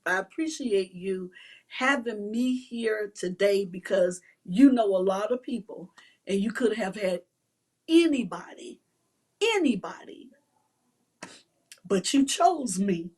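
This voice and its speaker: A woman guest speaks with sincere, open emotion. Her voice sits at a middle pitch, and she talks in a heartfelt conversational way. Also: a little slow. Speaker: interview guest.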